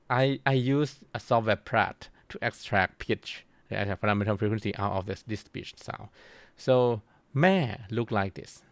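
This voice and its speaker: A middle-aged man giving a university lecture, halting with many restarts and fillers. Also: lowish voice, a bit bright, no room sound.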